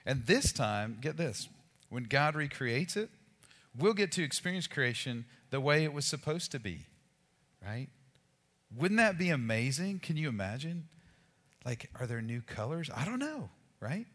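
A man preaching a sermon as pastor, in a conversational, animated way with casual asides to the congregation. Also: medium pitch, measured pace, big-room sound.

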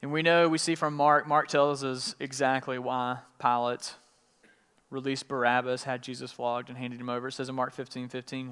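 A man preaching a sermon, retelling scripture in casual everyday words and acting out the quotes with lively changes of voice. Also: medium pitch, normal speed, clear, resonant tone. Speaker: pastor. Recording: long hall reverb.

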